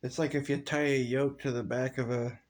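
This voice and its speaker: A man who has just woken up talks in a rambling, halting monologue, trailing off and sighing. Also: mid-range voice, flat delivery, a little mellow. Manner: halting, rambling, full of fillers and sighs. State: drowsy, just woke up.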